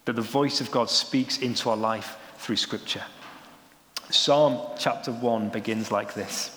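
Young adult male preacher, lively storyteller, recorded in a reverberant hall. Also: mid-range voice, a little slow. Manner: animated storytelling, rising excitedly when joking. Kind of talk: sermon. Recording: roomy hall with long reverb.

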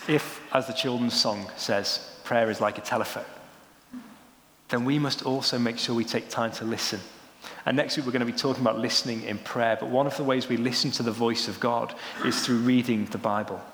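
A young adult man preaching a sermon, with animated storytelling and a lively manner. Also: mid-range voice, fairly quick, a little hiss or hum. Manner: animated storytelling, rising excitedly when joking. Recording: roomy hall with long reverb.

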